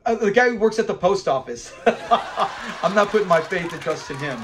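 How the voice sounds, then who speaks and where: A man's voice: high-pitched, expressive, normal speed, background noise. A man hosting a fan channel, chatting casually and animatedly as he recaps a classic sitcom episode, rambling and chuckling often. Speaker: fan commentary host.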